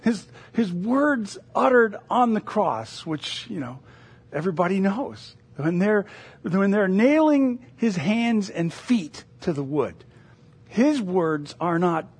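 A middle-aged man preaching a sermon as pastor, animated and telling stories, sometimes acting out other voices. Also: sits high, slow, slightly rough.

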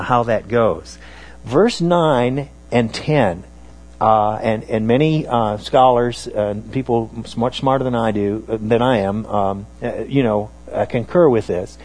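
A man preaches a Bible sermon at an ordinary, middle pitch. He talks in a halting way, stops often, restarts his sentences and fills the gaps with filler sounds. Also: a little mellow.

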